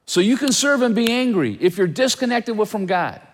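A male pastor preaching a sermon in an animated way, asking his listeners question after question. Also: high-pitched, brisk, big-room sound.

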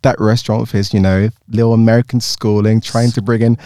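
A man's voice: quick pace, clean tone, no echo, studio quality. A young man co-hosting a casual podcast, telling funny stories and laughing often. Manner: animated storyteller, laughs often, jumps high into quoted voices. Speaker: podcast co-host. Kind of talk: casual chat, storytelling.

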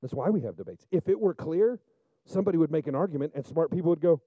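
A male pastor preaching a sermon, telling stories and building up to loud, fervent peaks. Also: fairly high pitch, animated, fast talker, dry recording, dull audio. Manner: storytelling preacher, rises to loud fervent climaxes.

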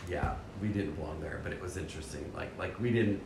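A man casually telling a story about a church mission trip, animated and self-deprecating, acting out his own inner voice. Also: rumbling low, a little fast, gravelly, reverberant, background noise.

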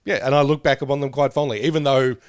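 A man's voice: mid-range voice, fairly even intonation, quick pace, no echo. Rambling man on a dry mic. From Australia. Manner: meandering, reminiscing, laughs often. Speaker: podcast co-host. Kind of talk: casual chat.

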